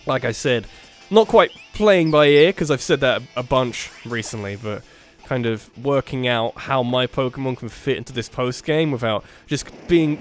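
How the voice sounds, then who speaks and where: A man hosting a let's play video, giving casual game commentary in a rambling way, full of restarts and joking asides. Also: medium pitch.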